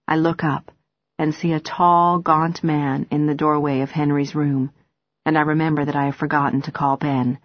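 Low-voiced woman narrating a novel. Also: dry recording, lo-fi sound. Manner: steady, measured storytelling. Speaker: audiobook narrator. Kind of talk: first-person novel narration.

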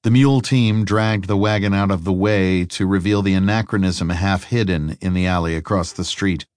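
Man narrating an audiobook, low steady voice, dry close mic. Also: moderate pace, clean tone, no echo. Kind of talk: scripted narration.

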